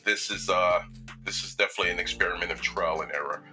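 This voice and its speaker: A man's voice: sits low, steady tone, fast, sharp tone, soft background music, low-quality recording. A male talk show host from Chicago, introducing his guest in a chatty, joking way with plenty of filler words. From Chicago, United States. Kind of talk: casual interview introduction.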